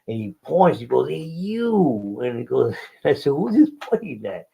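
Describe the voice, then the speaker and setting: A man's voice: mid-range voice, sing-song, normal speed, vocal fry, mellow, slightly rough, rough recording. A middle-aged man casually telling his life story in an interview, using street slang and Spanish words and often repeating himself.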